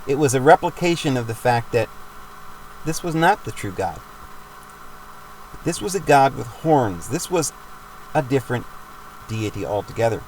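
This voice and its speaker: A man's voice: medium pitch, lively intonation, normal speed, long pauses, darkish tone, a little hiss or hum, poor audio. A man giving a rambling, emphatic religious monologue for his videos, with frequent restarts. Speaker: video maker.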